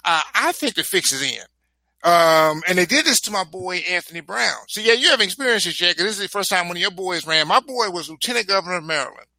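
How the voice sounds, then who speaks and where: A man in casual political chat, animated and joking, often repeating words as he talks. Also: high voice, quick pace, no room sound.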